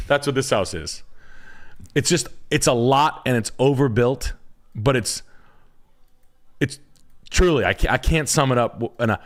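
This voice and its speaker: A man's voice: mid-range voice, a little slow, long pauses. A man hosting a live stream, giving blunt, profane critiques of house listings as a realtor.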